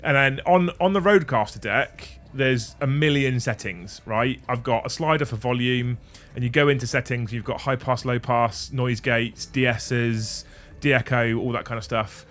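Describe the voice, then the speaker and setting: A man with a medium-pitched, fairly bright voice speaks at a moderate pace. He's hosting a livestream, chatting casually and swearing freely while fixing his audio settings on a studio mic run through a desk mixer.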